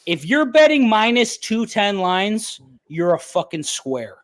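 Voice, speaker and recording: A man co-hosting a betting talk show who rants with loud profanity. His voice is high and very animated, swinging widely in pitch. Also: measured pace. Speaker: podcast co-host. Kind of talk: casual sports betting chat.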